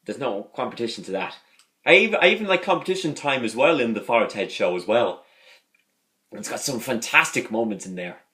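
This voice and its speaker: Rambling man with a lively voice. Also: medium pitch, brisk. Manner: rambling, enthusiastic, many fillers. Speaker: video host. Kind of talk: casual review monologue.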